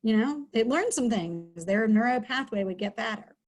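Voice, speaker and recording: A woman's voice: on the high side, animated, normal speed, darkish tone. A middle-aged woman, a school counselor, giving an upbeat, chatty webinar lesson from home over a video call, with many fillers. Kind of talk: webinar teaching talk.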